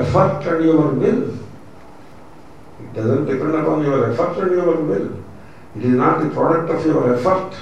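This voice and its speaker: A man with an Indian accent, a swami teaching scripture in a lecture, stressing points by repeating them and using Sanskrit terms. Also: medium pitch. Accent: Indian English. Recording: very echoey room, mic far off, faint noise.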